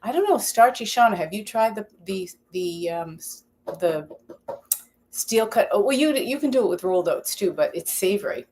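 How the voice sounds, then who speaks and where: A woman's voice: medium pitch, expressive, normal speed, a little mellow, a little hiss or hum. A woman hosting a live cooking stream from her home kitchen, chatting casually, rambling and reading viewer comments aloud. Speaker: cooking channel host.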